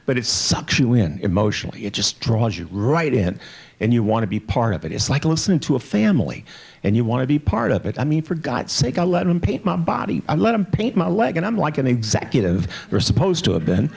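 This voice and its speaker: A man's voice: mid-range voice, very animated, a little fast, creaky, darkish tone, husky. A man in his sixties giving a candid, joking keynote speech at a conference. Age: 60s. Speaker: keynote speaker.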